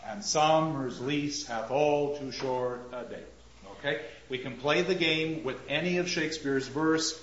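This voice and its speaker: Slow, deliberate man lecturing a class. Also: mid-range voice, a bit bright. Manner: asks the class questions, recites verse and taps out rhythms. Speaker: literature teacher. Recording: roomy, dull lecture recording.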